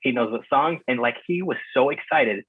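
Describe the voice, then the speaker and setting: A man's voice: medium pitch, moderate pace, slightly rough, no echo. A male podcast guest chatting casually and rambling a bit, with many fillers and restarts, heard over a phone line. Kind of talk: casual conversation recounting a trip. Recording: muffled phone-line call.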